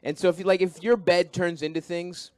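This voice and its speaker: A man's voice: sits high, fairly even intonation, a little fast, a little mellow, dry recording. A male stand-up comedian doing rambling, self-deprecating banter and crowd work.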